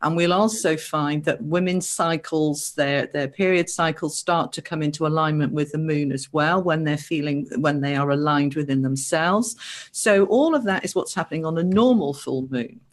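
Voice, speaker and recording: A woman who works as a therapist, explaining spiritual ideas on a live show, animated and asking many questions. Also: sits low, normal speed. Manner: animated, acts out quoted voices, asks many questions. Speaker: therapist guest.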